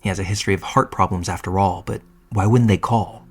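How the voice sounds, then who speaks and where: A man's voice: low-pitched, steady tone, a little fast, faint music behind. A man reading a first-person horror story aloud in a casual, profane storytelling manner. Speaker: narrator. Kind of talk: scripted horror story narration.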